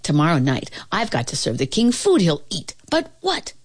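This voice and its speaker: A woman voicing a fretful male royal cook who exclaims in a raised, excited voice. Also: on the low side, moderate pace, husky, heavily acted. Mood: frantic.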